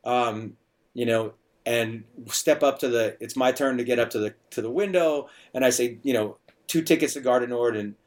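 A man's voice: medium pitch, moderate pace. Chatty middle-aged man telling stories. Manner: chatty, storytelling, frequent restarts and filler. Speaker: bar owner and bartender guest. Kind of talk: casual podcast conversation.

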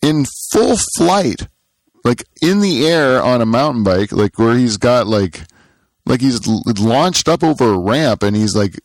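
A man's voice: medium pitch, expressive, unhurried, dry recording. A man hosting a comedy podcast, rambling and joking with lots of fillers. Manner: joking, rambling, with many fillers and mock-announcer intros. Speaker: podcast host. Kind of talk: casual comedy banter. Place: pool shed.

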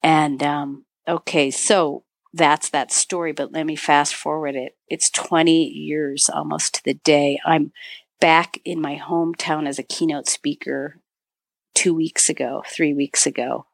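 A woman's voice: deep voice, fairly even intonation, unhurried, creaky, no echo. A middle-aged woman from northern Michigan, a podcast guest telling a search-and-rescue story, acting out quoted dialogue with lots of "you know". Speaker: podcast guest, author and avalanche dog handler. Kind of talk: storytelling interview.

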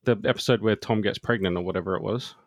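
A man's voice: fairly low pitch, fast talker, no room sound, clean studio sound. A man co-hosting a casual podcast, joking sarcastically. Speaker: podcast co-host. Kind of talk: casual chat.

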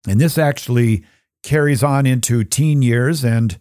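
A middle-aged man from Minnesota hosting a podcast, chatting casually about faith in a folksy, animated way. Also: mid-range voice, unhurried, no room sound, clean studio sound. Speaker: podcast host. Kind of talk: casual Catholic teaching talk.

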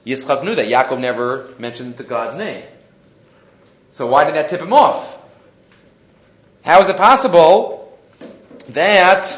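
Animated man teaching a Torah class. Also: fairly high pitch. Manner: mixes Hebrew and English, asks rhetorical questions. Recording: echoey, dull lo-fi classroom recording.

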